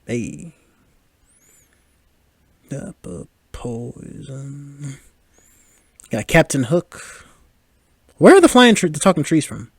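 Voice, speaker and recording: A man's voice: a little high, wildly swooping pitch, moderate pace, slightly rough, dry recording. A man in his twenties hosting a podcast, giving casual movie commentary with lots of laughs and filler words. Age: 20s. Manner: chatty, laughing, filler-heavy. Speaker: podcast host.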